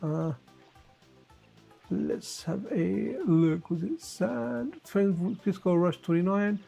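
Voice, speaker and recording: Man, slightly high voice, casual live-stream chat, rambling, talks to viewers, faint music behind. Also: slow pace, vocal fry, dark tone. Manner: chatty and digressive, talks to viewers by name. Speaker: retro gaming streamer.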